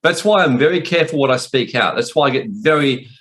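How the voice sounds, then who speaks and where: A man gives a loose, informal teaching with blunt wording and frequent swearing. He rambles and restarts his sentences as he goes. His voice sits at an average pitch for a man. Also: expressive, fast, fairly bright tone. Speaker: spiritual warfare teacher. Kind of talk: informal preaching talk.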